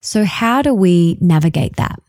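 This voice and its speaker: A mellow, low-voiced woman podcast host. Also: animated, a little slow, dry recording, clean studio sound. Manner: enthusiastic, affirming. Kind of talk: podcast interview.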